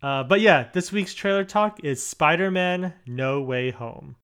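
A man hosting a casual podcast, upbeat and quick to laugh. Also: a little high, expressive, very noisy. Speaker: podcast host.

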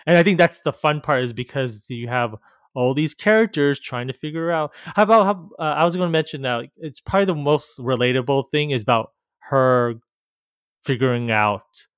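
A man's voice: medium pitch, normal speed, a bit bright, smooth, dry recording, studio quality. A man co-hosting a podcast in casual chat, meandering through his points and laughing easily as he explains. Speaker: podcast co-host.

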